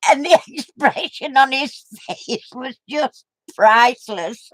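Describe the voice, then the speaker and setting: A woman's voice: high voice, slow, dry recording. An older woman telling a funny story as a craft vlogger, laughing through her words and tossing in homely exclamations. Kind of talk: rambling anecdote to camera.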